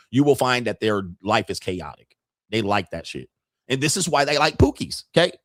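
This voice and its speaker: A man's voice: mid-range voice, no echo, studio quality. A man hosting a livestream, reading chat messages aloud and giving blunt, preachy commentary in a casual, slangy way that repeats itself.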